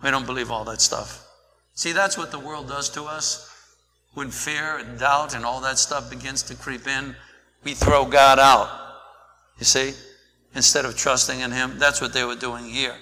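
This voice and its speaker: A man preaching a sermon, slow and deliberate, swinging between soft and loud. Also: medium pitch, flat delivery, slight background noise. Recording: long hall reverb.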